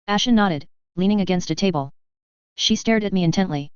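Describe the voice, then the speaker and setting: A woman reading fan fiction aloud in a steady, plain storytelling manner, on a dull lo-fi recording. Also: on the low side, moderate pace, clean tone, dry recording. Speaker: reader.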